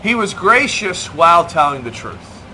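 Bright-voiced joking male preacher. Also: a little high, big pitch swings, unhurried, a little hiss or hum. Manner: joking, chatty, self-deprecating. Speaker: pastor. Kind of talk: sermon. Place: church hall.

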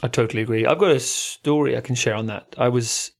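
Man, podcast co-host, casual storytelling, animated, lots of ums and uhs, mid-pitched voice. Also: fast, gravelly. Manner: animated, rising loudly at the story's climax; many fillers, uh and um.

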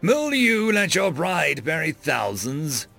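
A man's voice: high voice, sing-song, slow, gravelly, a bit bright, slightly rough, faint music behind, pitched above the performer's own voice, full character voice. A man voicing a frightened but stubborn young man who speaks tensely and defiantly.

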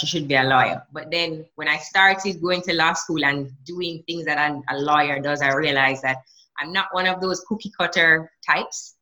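Bright low-voiced Jamaican woman. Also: rough recording. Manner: reflective, with many restarts. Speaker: interview guest. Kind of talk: conversational interview.

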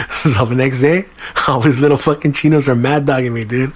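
A man's voice: medium pitch, fairly even intonation, normal speed. A man, hosting a podcast and telling a long, profane, slangy story in a casual way. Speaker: podcast host.

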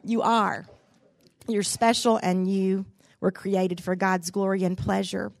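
A woman's voice: medium pitch, flat delivery, a little slow, vocal fry, no echo, studio quality. Woman preaching to a church crowd. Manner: warm storytelling, direct questions to the room. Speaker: speaker at a church gathering. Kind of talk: sermon.

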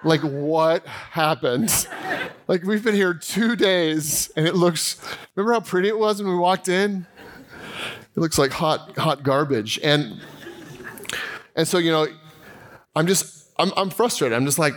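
A man's voice: on the high side, normal speed. Chatty man preaching a sermon. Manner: chatty, self-deprecating storytelling with laughs. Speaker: pastor. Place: church.

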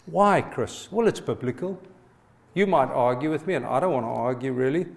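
A man's voice: medium pitch, lively intonation, moderate pace, creaky. A middle-aged man, a pastor preaching a sermon and telling personal stories, often turning to ask the congregation to respond. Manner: personal storytelling, asks the audience to respond.

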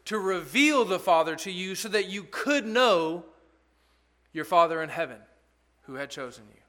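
A man's voice: sits high, animated, moderate pace, a bit bright. A male pastor giving an expository sermon in an earnest, conversational way, asking rhetorical questions.

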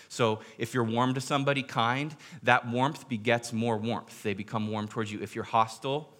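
Bright-voiced man preaching a story. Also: medium pitch. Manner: drops quiet for quoted speech, slows for emphasis. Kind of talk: sermon with storytelling.

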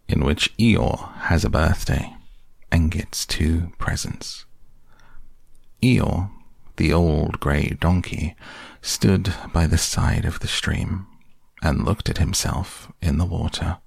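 A man reading a children's storybook aloud in a gentle, measured way. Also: sits low, creaky, husky, no echo, clean studio sound. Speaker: narrator.

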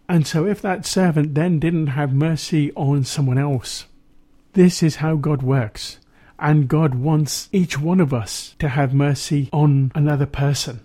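A man presenting a Christian radio show, reading Bible passages and preaching in a measured, earnest way. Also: fairly high pitch, dark tone.

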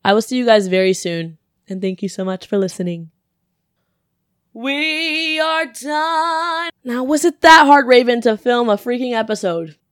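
A young adult woman hosting her podcast, telling a story casually and lively, acting out the people she quotes and laughing often. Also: fairly high pitch, brisk, no echo, clean studio sound. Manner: animated, acts out quoted voices, laughs often. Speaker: podcast host.

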